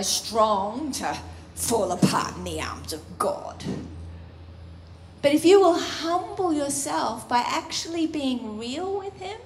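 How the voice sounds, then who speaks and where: A woman preaching a sermon in a soft, intimate, earnest way that often drops to a hush. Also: high-pitched, a little hiss or hum. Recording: roomy echo.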